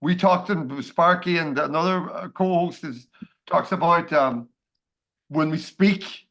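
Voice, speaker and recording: A man with a Donegal Irish accent, giving a casual spoken review of a song over a video call, enthusiastic and halting with many fillers. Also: a little high, fairly bright tone, rough recording. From Ireland, Donegal. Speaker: guest reviewer.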